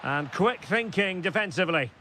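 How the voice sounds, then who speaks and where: Male play-by-play caller for a football game: high, bright voice, clipped calls that rise when chances come. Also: moderate pace, a little hiss or hum. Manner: terse calls that swell into excited shouts on goals. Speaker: play-by-play commentator. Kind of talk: football video game commentary.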